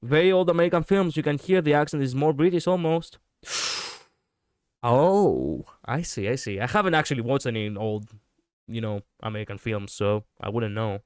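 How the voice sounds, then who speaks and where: A man's voice: mid-range voice, moderate pace, a little mellow, smooth, no echo, studio quality. A man chatting casually on a livestream as a VTuber, rambling and laughing often while he responds to viewers. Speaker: VTuber streamer.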